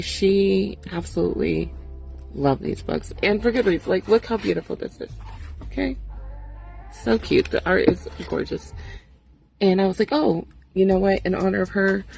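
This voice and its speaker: Woman vlogger, low voice, casual, swears freely, music behind. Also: gravelly, a little mellow. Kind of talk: casual chat. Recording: music playing behind her voice.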